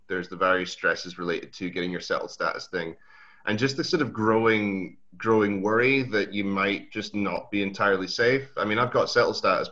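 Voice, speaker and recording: A young man from Switzerland whose first language is Swiss German speaks with a mixed Aberdeen Scottish accent carrying American traces. His voice sits very low yet bright and forward, and he talks in a loose, chatty way, often restarting his sentences. The recording sounds a little dull and lo-fi. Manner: relaxed, chatty, laughs often, many restarts. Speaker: guest. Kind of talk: casual interview chat. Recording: dull lo-fi audio.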